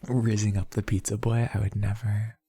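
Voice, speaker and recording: A soft-spoken young man chatting casually on an ASMR stream, playful and rambling, laughing often. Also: lowish voice, little pitch movement, moderate pace, breathy edge, faint music behind. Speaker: VTuber streamer.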